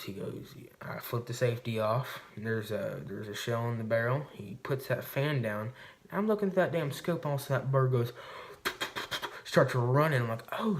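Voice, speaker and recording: A man vlogging to camera, telling a hunting story in a rambling, swearing, casual way. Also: mid-range voice. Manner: rambling and profane, recounting a hunt.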